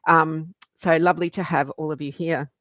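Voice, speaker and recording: A woman's voice: sits low, steady tone, normal speed, dry recording. Aussie lady chatting on a hiking livestream, friendly coach vibe, kinda muffled dry audio. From Australia. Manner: chatty, encouraging, greets viewers by name. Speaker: hiking coach and live stream host. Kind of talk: live stream talk to viewers.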